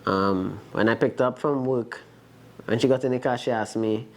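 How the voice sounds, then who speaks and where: A man recounts an argument to his wife in an animated, informal way. His voice sits at an ordinary middle pitch, and his phrasing is relaxed and conversational. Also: moderate pace. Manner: animated storytelling, loose informal grammar. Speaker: co-host, husband. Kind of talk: casual conversation.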